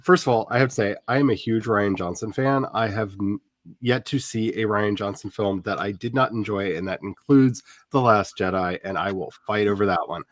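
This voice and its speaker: A man chatting casually as a host, animated and rambling with many fillers. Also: lowish voice, normal speed, dry recording. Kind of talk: casual chat.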